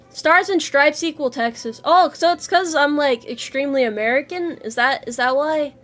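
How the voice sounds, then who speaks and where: A woman's voice: sits high, lively intonation, moderate pace, fairly bright tone, faint music behind. A woman streamer chatting casually with her viewers, playful, laughing often and swearing freely. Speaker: VTuber streamer.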